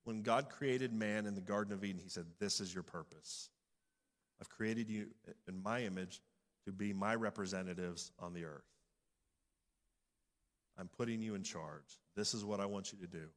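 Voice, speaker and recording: A man preaching a sermon as pastor, building from measured speech to loud, emphatic peaks. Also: fairly low pitch, big-room sound.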